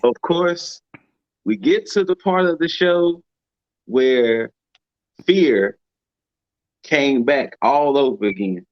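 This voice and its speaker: A man's voice: medium pitch, lively intonation, slow, pauses often, no room sound, highs cut off. A man co-hosting a podcast in casual chat, with a laid-back manner and free swearing. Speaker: podcast co-host.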